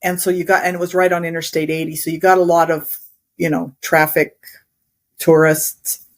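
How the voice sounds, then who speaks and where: A woman's voice: on the low side, level tone, normal speed. A middle-aged woman from Wyoming, an interview guest chatting and rambling through childhood stories with frequent laughter. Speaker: interview guest, instructional designer. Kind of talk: casual storytelling in conversation.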